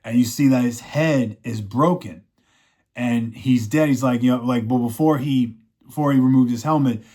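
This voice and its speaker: Casual male reviewer, mid pitch, rambling recap delivery full of fillers, gushing enthusiastic sign-off. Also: moderate pace, mellow. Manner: rambling, leans on "you know" and "he's like"; upbeat, effusive sign-off. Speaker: TV show reviewer.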